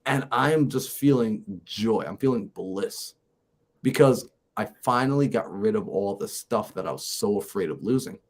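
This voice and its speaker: Animated man telling a story. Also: fairly low pitch, moderate pace. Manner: lively, acts out conversations in his stories. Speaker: mindset coach, podcast guest.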